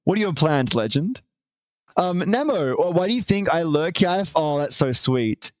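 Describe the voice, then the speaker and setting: A man's voice: fairly high pitch, expressive, slight background noise. Chatty, affectionate man streaming live. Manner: chatty and affectionate, many restarts and drawn-out greetings. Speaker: livestream host. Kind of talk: casual chat with viewers.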